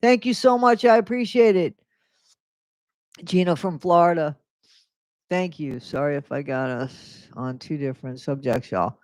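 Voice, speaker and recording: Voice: medium pitch, a little slow, long pauses, darkish tone, no room sound. A live-stream host chatting casually on a new microphone at home, rambling between topics and reading viewer comments aloud. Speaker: livestream host.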